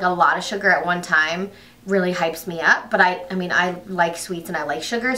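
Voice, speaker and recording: Bright-voiced woman rambling through a story. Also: on the low side, echoey room, recorded from a distance. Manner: fast-talking, rambling with many fillers and restarts. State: pregnant. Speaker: vlogger. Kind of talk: casual storytelling vlog.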